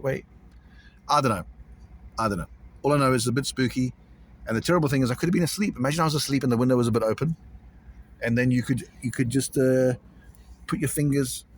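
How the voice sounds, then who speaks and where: A man's voice: mid-range voice, slight background noise. A man vlogging casually to camera, rambling and repeating himself in an uneasy way.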